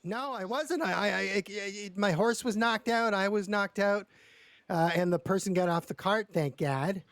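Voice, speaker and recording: A man's voice: high voice, moderate pace, a bit bright, no room sound. A man telling a long story in character during a roleplay session, rambling and stammering with lots of repeated words and casual swearing.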